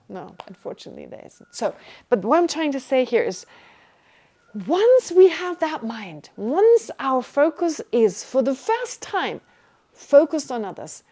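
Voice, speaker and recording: A woman from Germany, giving a Buddhist teaching to a class in a lively, joking way with rhetorical questions. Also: a little high. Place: meditation centre teaching hall.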